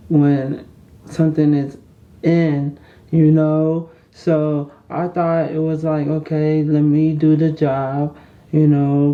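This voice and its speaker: A casual storytime vlog voice, chatty and blunt, circling back and repeating itself as it talks straight to the audience. The delivery is slow and drawn out. The sound is dull and lo-fi. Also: medium pitch. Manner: candid, chatty, repeats itself, addresses the viewers often. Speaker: vlogger.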